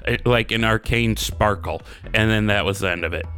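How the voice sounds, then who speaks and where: A man's voice: on the low side, moderate pace, a bit bright. A man co-hosting a podcast, retelling a story in a laid-back, crude and sarcastic way. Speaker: podcast co-host. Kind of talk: casual chat recapping a game questline.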